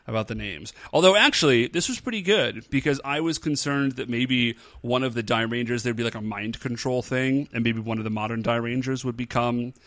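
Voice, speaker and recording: A man's voice: mid-range voice, a little fast, hardly any pauses. A man co-hosting a podcast, chatting casually and joking as he recaps a TV episode. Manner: animated, laughing, joking. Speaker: podcast co-host. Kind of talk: casual chat recapping a TV show.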